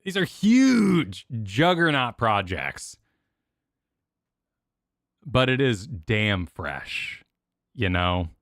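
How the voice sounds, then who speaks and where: A man's voice: medium pitch, very slow, pauses often, no echo, clean studio sound. A young man chatting casually as he reacts on stream, talking in rambling bursts with lots of restarts. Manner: rambling, animated, full of restarts and filler. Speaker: streamer reacting to event videos.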